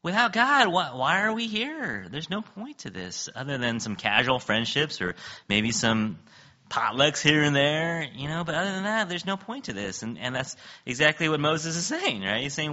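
Bright-voiced, lively male preacher. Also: normal speed, dull audio. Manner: conversational, joking, laughs often; acts out biblical dialogue with big pitch swings. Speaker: pastor. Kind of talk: sermon.

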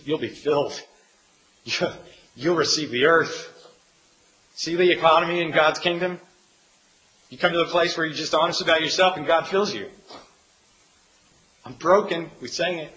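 Pastor, male, bright forceful voice, earnest sermon delivery, faint hiss on the recording. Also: mid-range voice, low-quality recording. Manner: earnest, rises and falls from hushed to emphatic.

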